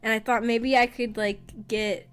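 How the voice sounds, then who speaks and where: A woman VTuber chatting casually on stream, rambling and often laughing, her voice slightly rough after being sick. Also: on the high side, little pitch movement, measured pace, fairly bright tone. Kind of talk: casual live-stream chat.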